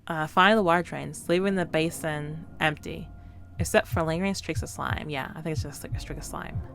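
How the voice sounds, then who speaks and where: A woman's voice: sits low, fairly quick, vocal fry, a bit bright, slight background noise. A woman streaming a horror game, reading its narration and dialogue aloud and breaking off to react.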